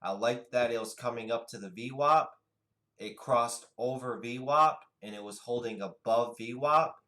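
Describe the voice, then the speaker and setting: A man narrating a stock chart walkthrough, explaining trades in a steady, unhurried way. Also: mid-range voice, rough recording. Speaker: day trading educator. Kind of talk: screen-share chart walkthrough.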